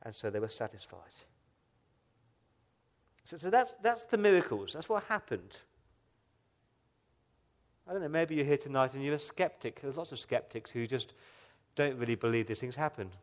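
Earnest male pastor preaching. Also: mid-range voice. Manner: earnest preaching with rhetorical questions and big swings between loud and soft. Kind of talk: sermon.

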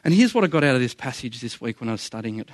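A man's voice: medium pitch, very animated, racing, no room sound. Earnest male preacher, dry sound. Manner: earnest, conversational preaching with repeated phrases. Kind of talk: sermon.

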